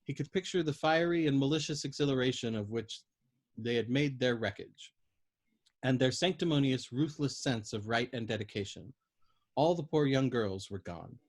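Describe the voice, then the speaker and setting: A man narrating a novel aloud at a steady storytelling pace, with the odd throat clear and slip. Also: medium pitch. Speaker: audiobook reader.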